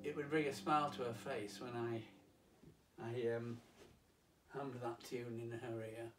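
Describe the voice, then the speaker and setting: A man telling a story, reminiscing in an unhurried way with fillers. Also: mid-range voice, little pitch movement, a bit bright. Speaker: storyteller and pianist. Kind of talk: casual storytelling. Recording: roomy, distant, faint piano.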